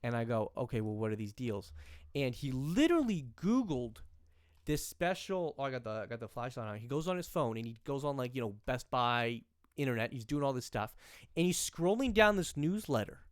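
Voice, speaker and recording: Clear and resonant, his mid-range voice moves in a sing-song way and runs a little fast. The young co-host rambles through a podcast story, restarting and playing out the quoted people, all in clean studio sound with no echo.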